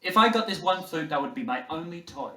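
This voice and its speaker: Man doing a tearful little boy, high voice, pleading, roomy hall, distant. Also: expressive, fairly quick, sharp tone.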